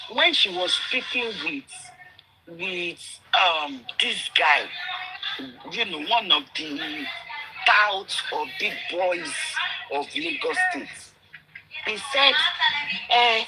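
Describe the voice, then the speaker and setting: A woman's voice: medium pitch, big pitch swings, takes it slowly, pauses often, music in the background, low-quality recording. A woman with a Nigerian accent speaking on a remote call, giving impassioned commentary and mixing English, Pidgin and Yoruba. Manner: switches between English, Pidgin and Yoruba, emphatic and indignant. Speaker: speaker in a live audio discussion.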